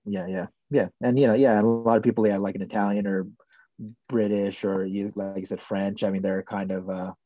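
Mellow-voiced male podcast guest. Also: lowish voice, little pitch movement, a little fast, no room sound, dull audio. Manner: hesitant, frequent "you know" fillers. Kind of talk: casual conversation.

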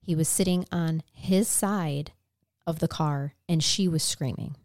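A woman's voice: sits low, measured pace, a little mellow, no room sound, studio quality. A woman co-hosting a podcast, recounting a true crime case in an earnest, conversational way. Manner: earnest, conversational, emotionally moved. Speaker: podcast co-host.

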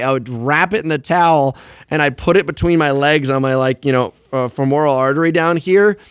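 Young guy on a podcast, kinda high voice, dry close sound, super animated storyteller. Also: smooth, no echo. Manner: animated, swears, acts out quotes. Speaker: podcast guest. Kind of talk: casual storytelling chat.

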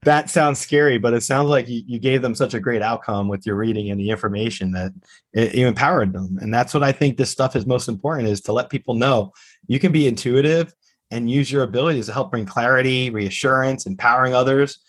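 A man's voice: mid-range voice, a little fast. Guy hosting a podcast, gushing over his guest, stumbles and restarts a lot. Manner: warm, effusive praise with filler restarts. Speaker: podcast host. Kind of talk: interview hosting.

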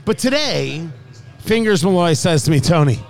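A man's voice: a little high, lively intonation, moderate pace. A man hosting a food and drink talk show, joking and teasing his co-host in casual banter.

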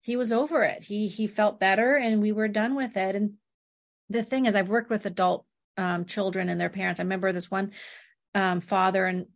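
Her voice is mid-range and creaky, fairly even in intonation and at a normal speed: a middle-aged therapist guest in a casual interview, telling stories in which she quotes clients and relatives in dialogue.

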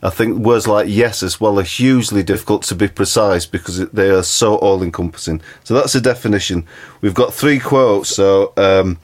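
A man's voice: lowish voice, normal speed. A man co-hosting, reading a word's origin, definition and quotes aloud, earnest and reflective. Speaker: co-host.

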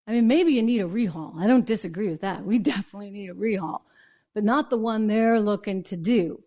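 A woman's voice: mid-range voice, brisk, warm tone. A woman from New Hampshire hosting an opinion show, indignant and full of rhetorical questions. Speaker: host.

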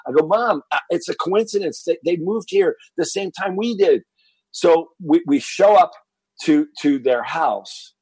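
A man's voice: a little high, moderate pace, husky, dry recording, rough recording. A man telling a personal story as a podcast guest, acting out what his family said. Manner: animated, acts out quoted family dialogue.

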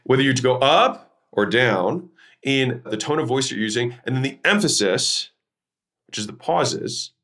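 A man hosting his own podcast, teaching sales techniques in an emphatic, energetic way, shifting his tone and pace to make points. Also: mid-range voice, moderate pace. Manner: energetic, emphatic, varies tone to demonstrate. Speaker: podcast host.

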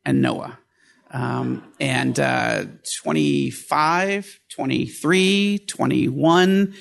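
A middle-aged man hosting a podcast, telling a personal story in a lively, animated way and acting out the quoted voices. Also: vocal fry. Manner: animated, acts out quoted voices with rising pitch. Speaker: podcast host.

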